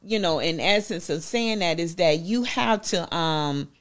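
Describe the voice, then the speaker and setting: A woman's voice: lowish voice, lively intonation, unhurried. A woman with a Southern US accent, a boutique owner talking in a folksy, chatty way as a guest in an interview. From Southern United States. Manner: chatty, folksy, peppered with "you know". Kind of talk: casual interview chat.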